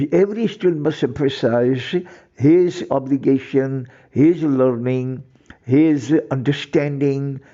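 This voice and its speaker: A man's voice: medium pitch, dark tone, lo-fi sound. A man lecturing emphatically, repeating phrases and using ornate words. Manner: emphatic, repetitive, ornate vocabulary. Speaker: teacher. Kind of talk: lecture to camera.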